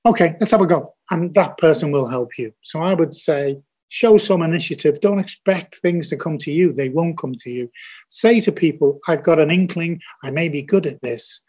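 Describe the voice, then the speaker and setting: A man's voice: fairly high pitch, moderate pace, a little mellow, breathy edge. Older Scouse man, earnest and blunt. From Liverpool, England. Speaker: TV producer guest. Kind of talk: podcast interview.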